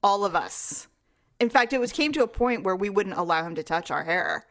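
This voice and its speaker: A middle-aged woman co-hosting a podcast speaks fairly quickly at medium pitch, telling a family story in casual chat. She is animated, acts out the voices she quotes, and laughs often.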